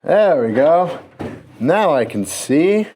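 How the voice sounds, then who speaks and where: A man in his thirties hosting a casual project vlog, chatty and excitable as he thinks out loud while working on a boat. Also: on the high side, slow pace, background noise. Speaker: DIY boat restorer and channel host.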